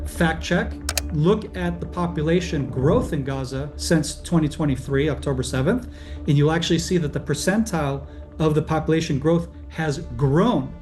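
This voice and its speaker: Guy with a high voice, emphatic, keeps saying right, faint music under it. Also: normal speed, a little mellow. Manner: emphatic, tags lines with "right?" and "like". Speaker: interviewee showing items. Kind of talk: casual explanation.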